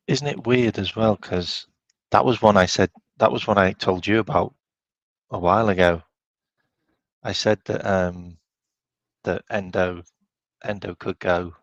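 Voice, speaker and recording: A man's voice: low-pitched, no room sound, lo-fi sound. A man joining a fan livestream by call, talking casually with many ums and restarts. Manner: hesitant, lots of ums, restarts. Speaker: guest on fan stream. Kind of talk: casual chat.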